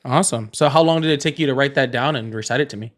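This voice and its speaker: A man's voice: mid-range voice, racing. A man from the Southern US hosting a casual live call-in chat, laughing, teasing and repeating words. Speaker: livestream host.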